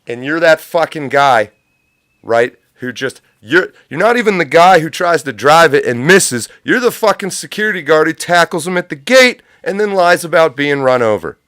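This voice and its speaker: Male livestream host, higher-pitched voice, smooth and dry close-mic sound; profane, sarcastic, rambling rant. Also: lively intonation, moderate pace, a bit bright, no echo.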